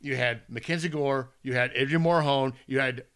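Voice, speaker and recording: Podcast co-host, man, 50s, bright tone, casual rambling storyteller. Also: mid-range voice, a little fast, clear, resonant tone. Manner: animated storytelling, rambling with restarts. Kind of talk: casual chat.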